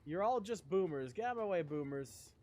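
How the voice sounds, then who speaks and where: Rambling young male streamer, slightly high. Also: lively intonation, fast talker, darkish tone. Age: young adult. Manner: rambling, profane, laughs a lot. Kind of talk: casual live-stream chat.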